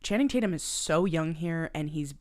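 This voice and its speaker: A woman's voice: low voice, moderate pace. A young woman co-hosting a podcast, recapping a movie in casual chat, swearing often and acting out the characters' lines. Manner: swearing, animated, acts out quotes. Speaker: podcast co-host.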